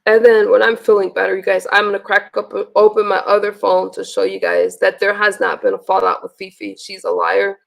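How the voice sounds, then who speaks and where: A woman's voice: medium pitch, flat delivery, brisk, gravelly, hardly any pauses. A woman hosting a casual livestream, venting bluntly with profanity and frequent restarts. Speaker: livestream host.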